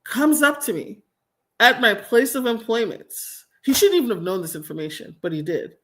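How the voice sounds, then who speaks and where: A woman's voice: on the high side, very animated, moderate pace, a bit bright. A woman in her forties hosting a livestream from home, telling a story in a blunt, emphatic, profane way. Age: 40s. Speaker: streamer host. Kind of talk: casual livestream talk.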